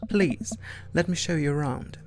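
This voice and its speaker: A stuffy, showy goth father speaks in a wobbly put-on British accent, as a man reads him aloud. He talks slowly and formally, with grand courtesy. Faint music plays underneath. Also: fairly high pitch, darkish tone. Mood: polite. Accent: put-on British, self-described as bad. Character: pompous Victorian-obsessed goth dad, male.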